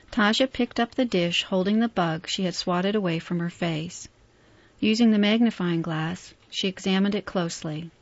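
A woman narrating a story aloud in a steady, measured reading. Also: fairly low pitch, no echo. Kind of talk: audiobook narration. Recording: dull, dry lo-fi recording.

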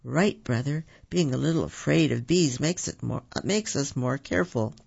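A man voicing a calm, reassuring big-brother raccoon in a children's story. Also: a little high, moderate pace, vocal fry, breathy edge, highs cut off, heavily acted. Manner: reassuring and steady.

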